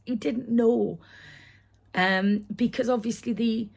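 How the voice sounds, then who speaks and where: A woman's voice: on the high side, fairly even intonation, unhurried, creaky, darkish tone, husky. A woman telling a long personal story, full of restarts and asides. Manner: rambling, with many restarts and asides. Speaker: vlogger.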